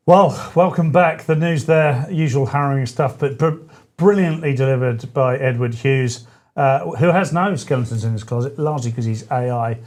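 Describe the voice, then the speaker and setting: A man, hosting a live-stream show in a chatty, joking way with quick asides. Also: medium pitch, a little mellow. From England. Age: 40s. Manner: chatty, jokey, self-correcting asides. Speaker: show host. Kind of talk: casual live-stream chat.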